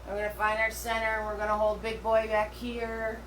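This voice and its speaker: With a fairly high, completely flat voice and a brisk pace, a middle-aged woman teaches a live painting class, rambling chattily and full of fillers and restarts. The recording is roomy and distant, with a faint hum.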